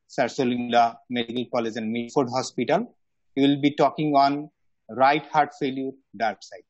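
A man chairing a medical webinar session, speaking formally and in a measured way. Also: mid-range voice, darkish tone, no room sound. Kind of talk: formal conference introduction. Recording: dull dry lo-fi webinar audio.

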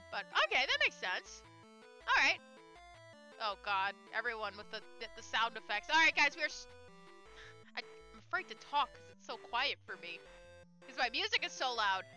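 A high, bright woman's voice that swoops up and down as she laughs and teases her viewers. Game music plays faintly underneath, and she jokes with friends between races. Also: sing-song, normal speed. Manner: giggly, teasing, talks back to chat. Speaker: streamer. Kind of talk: casual live-stream chat.

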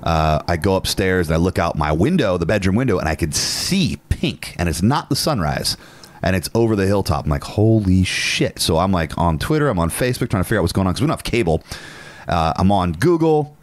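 A young adult man from Northern California co-hosting a podcast, telling a story in an animated, casual way and swearing freely. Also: deep voice, a little fast, dry recording. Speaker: podcast co-host. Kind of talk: casual chat.

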